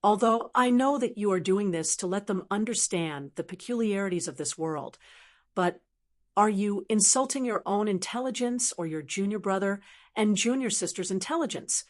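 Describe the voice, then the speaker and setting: A woman's voice: medium pitch, normal speed, lightly acted. Cold aloof sect elder, as a woman voices her. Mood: cool. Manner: indifferent, explaining.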